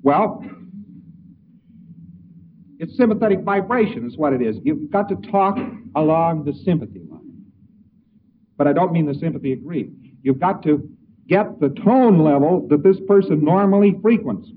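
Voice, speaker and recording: A man's voice: on the high side, animated, moderate pace, long pauses. A man giving an informal lecture in a folksy, anecdotal way, acting out both sides of little dialogues. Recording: tinny lo-fi archival lecture recording, distant mic, faint hiss.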